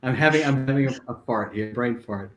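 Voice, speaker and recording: A man's voice: medium pitch, fairly quick, a bit bright. An older man, a guest, telling stories animatedly with lots of fillers and restarts. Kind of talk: casual storytelling. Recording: roomy echo.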